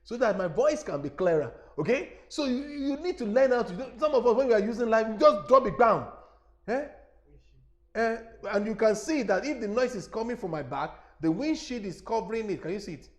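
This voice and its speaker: Nigerian guy teaching a webinar, fairly high voice, animated, repeats stuff, lapel mic. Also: a little fast. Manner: animated, repeats himself, addresses listeners directly.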